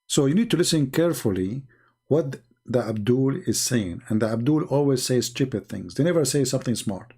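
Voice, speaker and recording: A man's voice: mid-range voice, expressive, brisk, mellow, breathy edge. A man with a non-hosting a live stream, retelling debates and acting out what others said in a raised voice, often repeating words and restarting sentences.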